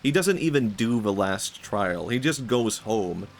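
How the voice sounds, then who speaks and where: A man's voice: lowish voice, expressive, measured pace, a little hiss or hum. A young man streaming, talking in a rambling, reflective way with many fillers and frequent laughs. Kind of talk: casual stream chat.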